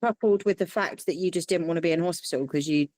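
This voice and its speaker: Talking fast in a lowish voice with no room sound, a young woman shares a candid story as an interview guest. She animatedly quotes the people involved, giving each a lively voice.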